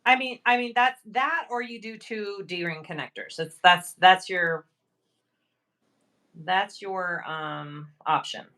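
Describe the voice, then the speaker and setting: A woman hosting a casual sewing livestream, upbeat and quick to praise, laughing often as she works. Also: fairly low pitch, bright, forceful tone, low-quality recording. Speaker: sewing channel host. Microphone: livestream camera mic.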